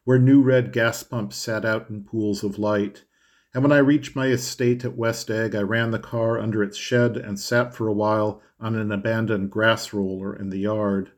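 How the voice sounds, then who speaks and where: A man narrating a classic novel in a measured, expressive way. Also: lowish voice. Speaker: audiobook narrator. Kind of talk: scripted literary narration.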